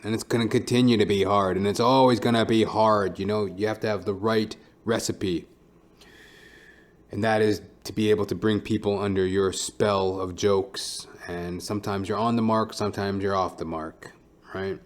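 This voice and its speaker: A man's voice: lowish voice, fairly even intonation, normal speed. A man who is a stand-up comedian, hosting his own podcast in a blunt, profane, rambling monologue.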